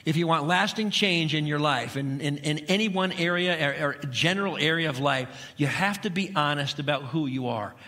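A middle-aged man preaching from a church pulpit, driving his points home with repetition and pointed questions. His voice is bright and a little high, and it rings out with a long hall reverb. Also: normal speed, few pauses. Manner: emphatic preaching with repeated phrases and rhetorical questions. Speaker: pastor. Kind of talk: sermon. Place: church sanctuary.

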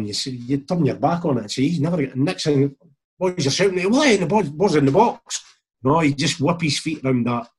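A Scottish man in casual chat, telling animated anecdotes and acting out the people in them. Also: medium pitch, breathy edge. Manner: broad, animated storytelling with acted quotes.

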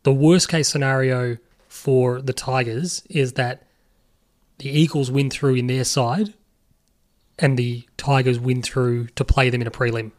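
A young Australian man co-hosting a casual sports podcast, talking in animated bursts with heavy emphasis. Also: mid-range voice, a little slow. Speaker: podcast co-host.

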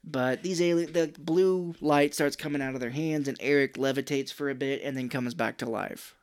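A man's voice: on the high side, fairly even intonation, moderate pace, clear, resonant tone. A man co-hosting a podcast, recapping a movie in casual chat with jokes and mocking impressions. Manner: jokey, slips into mocking impressions. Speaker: podcast co-host.

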